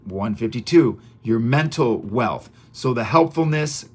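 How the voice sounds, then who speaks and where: A man's voice: mid-range voice, lively intonation, unhurried. A man recording an audio lesson, reading through his self-help book and explaining it in a chatty, repetitive way, often checking in with "right?" and "okay?". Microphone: audio-only recording.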